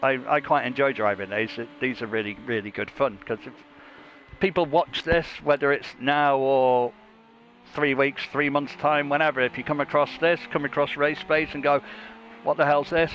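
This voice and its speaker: A man's voice: mid-range voice, steady tone, normal speed, highs cut off, a little hiss or hum. A man doing casual, jokey race commentary with crude banter and frequent laughter.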